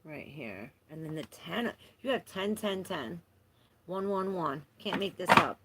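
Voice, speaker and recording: A woman's voice: lowish voice, lively intonation, a little slow, heavy background noise. A woman giving a live tarot reading who rambles, trails off and restarts, swears casually and laughs often. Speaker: tarot reader. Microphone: phone.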